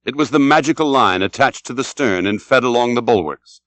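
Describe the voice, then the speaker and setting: A man reading an audiobook as scripted narration, dramatic and expressive. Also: medium pitch, brisk, dry recording. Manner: dramatic, shouts out the sailors' cries.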